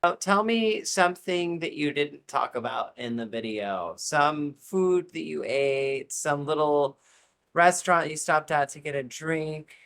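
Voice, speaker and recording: A man's voice: a little high, expressive, measured pace, vocal fry, fairly bright tone. Curious man prompting with questions. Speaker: interviewer. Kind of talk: casual interview questions.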